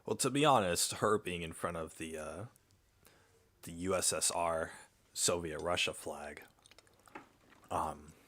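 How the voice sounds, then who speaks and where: A man's voice: deep voice, slow pace, pauses often, pushed and bright. A man giving casual, playful reaction commentary, laughing often and chatting to his cat. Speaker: online content creator.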